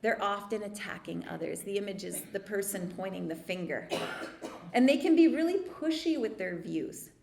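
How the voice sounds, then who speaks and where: A woman therapist giving a workshop talk, explaining calmly with lively asides. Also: mid-range voice, moderate pace, vocal fry, echoey room, slight background noise. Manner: calm explanatory teaching with lively dramatic asides. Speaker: therapist leading a church workshop.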